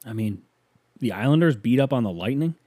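A man riffing loosely on his own podcast, joking and jumping up in pitch when he gets excited. His voice is mellow and dark. It sounds dry and close, as if recorded in a small room. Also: a little fast, no echo. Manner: loose, joking, animated with sudden pitch jumps. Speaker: podcast host. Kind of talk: casual solo podcast chat.

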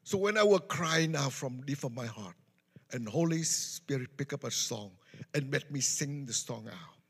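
A man preaches his personal testimony in simple, non-native English. His voice is husky and gravelly, and it is on the higher side. A long echo from the hall hangs behind his words. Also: animated, normal speed, fairly bright tone. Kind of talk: sermon testimony storytelling.

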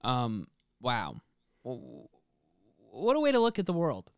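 Smooth-voiced young guy joking around. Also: mid-range voice, huge pitch swings, slow pace, dry recording, studio quality. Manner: joking, swears freely, lots of fillers. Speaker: podcast co-host. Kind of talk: casual chat.

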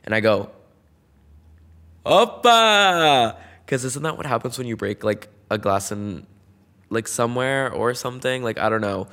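A young man hosting a casual solo podcast, gossiping in a campy, playful way and swinging between loud bursts and soft asides. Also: on the low side, fairly quick. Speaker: podcast host.

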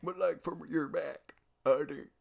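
A man's voice: on the high side, fairly even intonation, unhurried, gravelly, a little mellow, exaggerated voice. A man playing a forgetful old man who co-hosts a podcast, rambling goofily and losing his train of thought in an improvised comedy sketch. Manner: goofy, rambling, easily sidetracked. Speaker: podcast co-host.

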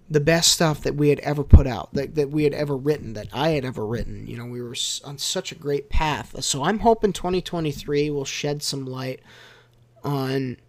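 A young man hosting a casual podcast, telling stories in an animated, jokey way that swings from quiet to loud. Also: mid-range voice, no echo. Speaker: podcast host.

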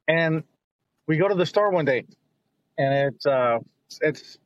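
Middle-aged dad telling stories, dull sound. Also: male voice, on the high side, lively intonation, unhurried, no echo. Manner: rambling, repeats words while telling family stories. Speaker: guest, host's father. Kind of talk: casual storytelling.

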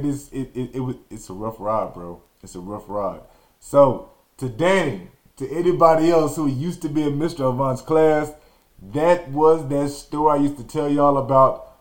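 Male podcast host, casual storyteller, animated delivery with acted-out quotes. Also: medium pitch. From Texas. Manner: animated, acts out quotes and sound effects.

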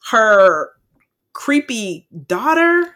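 A woman co-hosts a podcast and recaps a film in loose, profane chat, acting out her own reactions along the way. Her voice is bright and clear, at a middle pitch. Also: sing-song, drawn-out words. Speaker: podcast co-host. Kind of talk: casual movie recap chat.

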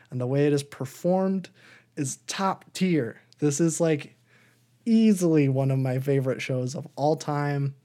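A man's voice: a little high, mellow. A man co-hosting a podcast, chatting casually and enthusiastically in long, rambling run-on sentences. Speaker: podcast co-host. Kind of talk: casual chat reviewing TV shows.

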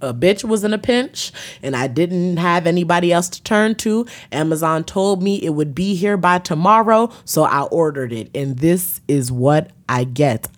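A woman's voice: lowish voice, lively intonation, normal speed, few pauses. A woman hosting a podcast, ranting bluntly with plenty of profanity. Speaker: podcast host. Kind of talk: profane comedic rant.

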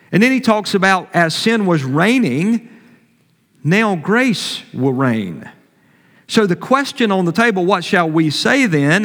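A man with a high voice preaches from the pulpit, hammering key phrases and repeating them. His voice rings out in a church hall with a long reverb tail. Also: fairly bright tone. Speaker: pastor. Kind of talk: sermon.

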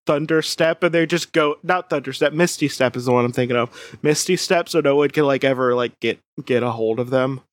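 A woman in casual comedic podcast chat, rambling and animated, with playfully dark humor. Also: very deep voice, brisk, few pauses, dry recording.

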